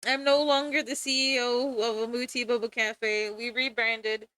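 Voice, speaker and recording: A woman's voice: on the high side, fairly even intonation, normal speed, fairly bright tone, smooth. A young woman streamer chatting casually while drawing, rambling and giggling, with casual swearing.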